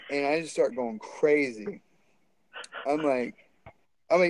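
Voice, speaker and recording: A man's voice: a little high, takes it slowly, long pauses, poor audio. A man telling a story in a casual, rambling and profane way.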